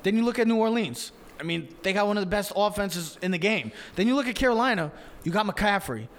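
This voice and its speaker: A man's voice: high-pitched, animated, fairly bright tone. A man co-hosting a sports show, giving opinionated picks in a casual debate. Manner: opinionated, talks in quick runs of names and picks.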